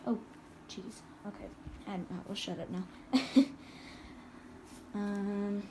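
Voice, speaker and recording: A woman's voice: medium pitch, slow, background noise. A woman giving a casual home product review, chatty and rambling with lots of fillers, speaking indoors at home.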